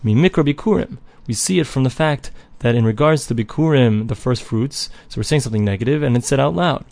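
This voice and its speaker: A man's voice: mid-range voice, brisk, gravelly, darkish tone, no room sound. Man teaching a text, dry sound. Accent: Ashkenazi Hebrew pronunciation. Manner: reads each phrase, then explains it plainly. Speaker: Talmud teacher. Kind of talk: reading and translating a text line by line.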